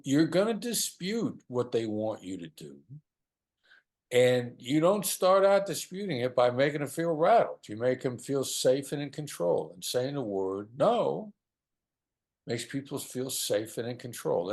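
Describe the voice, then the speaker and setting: A middle-aged man, a guest in an interview, telling stories and acting out the lines of the people in them. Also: medium pitch. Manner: animated storyteller, acts out quoted lines. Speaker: guest, former hostage negotiator. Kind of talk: storytelling in an interview.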